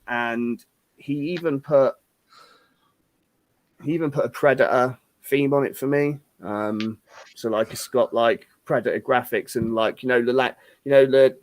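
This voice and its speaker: A man's voice: medium pitch, fairly even intonation, moderate pace, no room sound. A man chatting casually as a regular on a panel show, rambling and swearing with lots of filler words. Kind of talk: casual banter.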